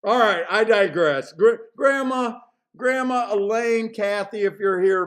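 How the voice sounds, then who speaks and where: Male live-stream host, high voice, loose and profane, laughs constantly. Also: unhurried. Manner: laughs often, rambling and profane. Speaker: horse racing handicapping show host. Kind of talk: casual live-stream chat.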